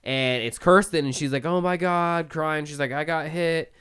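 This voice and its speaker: A man's voice: fairly high pitch, fairly even intonation, moderate pace, fairly bright tone, clear, resonant tone. A young man co-hosting a podcast, telling a story in a loose, profane, rambling way, full of "like" fillers. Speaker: podcast co-host. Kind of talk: casual storytelling chat.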